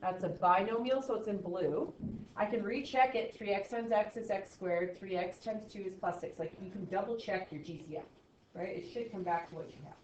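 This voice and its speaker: Heard through a little hiss or hum, a woman with a mid-range voice speaks at normal speed while teaching math. Her lecture walks through the steps aloud, sprinkled with playful sarcasm toward the students, and the recording sounds echoey, distant, and dull.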